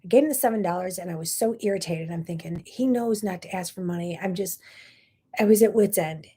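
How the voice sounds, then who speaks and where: A woman's voice: lowish voice, fairly quick, warm tone, breathy edge. A middle-aged woman hosting a talk show, telling a personal story in an earnest, emotional way with many asides. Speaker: host.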